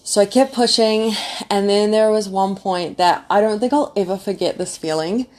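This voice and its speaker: A young woman casually telling her birth story, animated and full of "like" fillers. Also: mid-range voice, normal speed. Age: young adult. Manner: chatty, animated, many "like" fillers.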